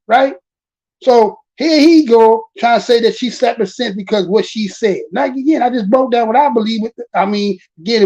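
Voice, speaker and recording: A woman's voice: fairly high pitch, poor audio. An American woman holds forth in a loose, profane commentary rant, stretching and repeating words to drive her point home. Her voice sits a little above the usual range for a woman. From United States. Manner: animated, profane, repeats and drawls key words. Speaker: commentary channel host. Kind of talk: casual ranting commentary.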